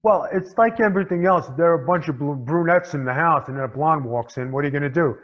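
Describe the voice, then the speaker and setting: A man's voice: on the high side, quick pace. A blunt, streetwise middle-aged man from Staten Island, talking in a thick New York accent. He leans on "you know" constantly and tells his stories straight. The recording is a little dull and lo-fi. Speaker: guest, former pro wrestler. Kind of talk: casual interview chat.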